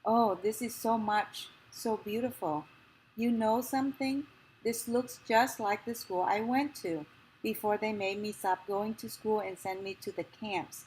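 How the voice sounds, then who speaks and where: A small, gentle elderly grandmother speaks softly and haltingly, in a woman's reading voice. The pace is unhurried, and the pitch stays close to the reader's own. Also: fairly even intonation, slight background noise, lightly acted, low-quality recording. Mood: moved. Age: older.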